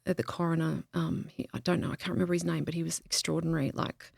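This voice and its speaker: A woman guest on a podcast, telling a deeply personal story in a halting way, with many pauses and restarts. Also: flat delivery, creaky, dry recording, clean studio sound. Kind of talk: emotional interview, personal story.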